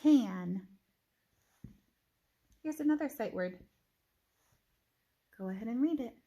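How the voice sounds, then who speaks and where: A woman teacher giving a phonics reading lesson, sounding out words slowly and deliberately with encouraging praise. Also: fairly high pitch, animated, dark tone.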